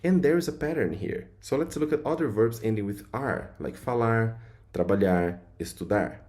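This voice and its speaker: Male teacher, low warm voice, relaxed filler-heavy explaining. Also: moderate pace. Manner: loose, repetitive explaining with many fillers. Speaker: language teacher. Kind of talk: explaining grammar to viewers.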